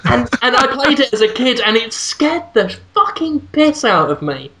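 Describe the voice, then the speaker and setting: A man's voice: extremely high pitch, big pitch swings, moderate pace, bright, forceful tone. A man co-hosting a podcast, talking earnestly and rambling a little with restarts in casual chat. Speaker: podcast co-host.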